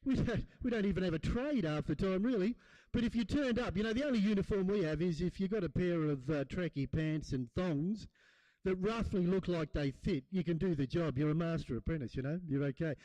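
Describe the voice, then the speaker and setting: A man's voice: high-pitched, fairly quick, mellow, no room sound, poor audio. A middle-aged man with an Australian accent doing a rambling stand-up set, bantering blokey with the crowd. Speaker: stand-up comedian. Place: comedy gig in a hall.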